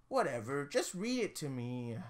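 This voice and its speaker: Guy doing a high whiny flustered gamer kid, quiet and stammery. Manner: high, quiet, hesitant whine.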